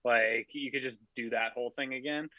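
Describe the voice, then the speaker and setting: A man spins a rambling, loose story on a wrestling podcast, packing his sentences with fillers and cursing. His voice is bright and forward, and it sounds dry and a little dull, like a close home podcast mic. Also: mid-range voice, steady tone, brisk, no room sound. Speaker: podcast co-host. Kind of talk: casual chat.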